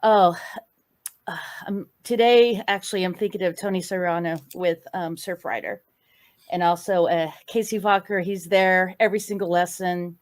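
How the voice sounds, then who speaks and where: A woman's voice: lowish voice, steady tone, normal speed. A woman in her fifties hosting a web show, emotional and gushing with thanks in a casual chat. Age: 50s.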